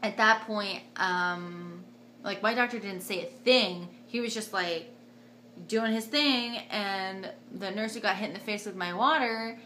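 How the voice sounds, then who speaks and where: Bright-voiced young woman telling a story. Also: a little slow, a little hiss or hum. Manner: animated, acts out quotes with big jumps in pitch and loudness. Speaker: vlogger. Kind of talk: casual storytelling to camera.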